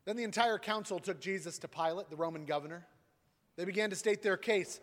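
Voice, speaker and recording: A man reads scripture aloud in a church and acts out each voice, rising loud for the crowd. His voice sits slightly high, and a long reverb trails every line. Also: a little fast. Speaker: scripture reader. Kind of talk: dramatic liturgical reading.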